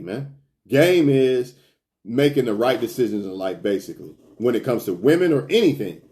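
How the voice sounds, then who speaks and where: A man talks straight to camera, lecturing his viewers in a blunt, profane, street-casual way. His voice sits at an ordinary middle pitch for a man. He repeats his points and hammers them home with emphasis. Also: a little mellow. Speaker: self-improvement vlogger. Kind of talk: casual preachy monologue to viewers.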